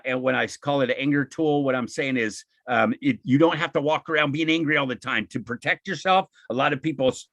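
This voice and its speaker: A man's voice: medium pitch, a bit bright, dry recording. Chatty man giving a dry webinar talk. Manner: conversational, encouraging, acts out quoted speech. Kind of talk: informal webinar talk on emotional intelligence. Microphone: video call.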